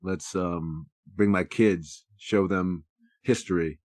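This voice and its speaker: Low-pitched male co-host, casual jokey banter, dry close sound. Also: fairly even intonation, slow pace, dry recording. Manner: joking, riffing, with restarts. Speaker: podcast co-host. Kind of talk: casual chat.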